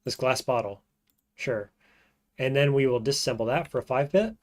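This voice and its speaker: A man streaming a roguelike, thinking aloud in casual gameplay commentary and often trailing off into quiet mutters. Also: medium pitch, moderate pace.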